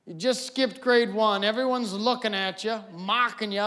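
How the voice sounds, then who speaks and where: High-voiced man doing stand-up. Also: normal speed, few pauses. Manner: animated, acts out voices and scenes. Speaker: stand-up comedian. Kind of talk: stand-up comedy. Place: auditorium stage before a live audience.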